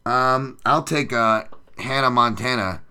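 Speaking a little slowly, this man has a medium-pitched voice that sounds bright, forceful, clear and resonant. He hosts a podcast livestream, tossing out fight betting picks and chat readings in casual, profane, sarcastic banter.

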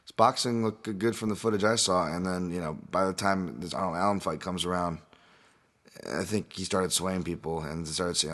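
A man with a very low voice hosts a solo podcast, rambling and doubling back on himself. His throat is sore and strained, and he laughs at himself now and then. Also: fairly even intonation, normal speed, a bit bright. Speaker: podcast host and fight analyst. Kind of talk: casual solo podcast breakdown.

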